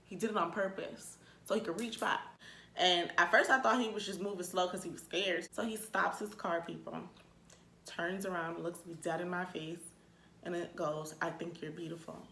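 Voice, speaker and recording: Animated swearing young woman vlogger. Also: on the low side, normal speed. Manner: animated, swears freely, says "like" often. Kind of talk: storytime rant. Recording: echoey room.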